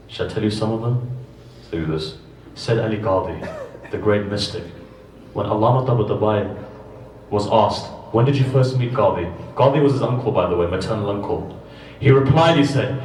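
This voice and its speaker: A man giving a religious sermon to a gathering, telling stories with animated swings between loud emphasis and quiet asides. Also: lowish voice, brisk. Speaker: religious lecturer. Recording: echoey hall, distant mic, faint background noise.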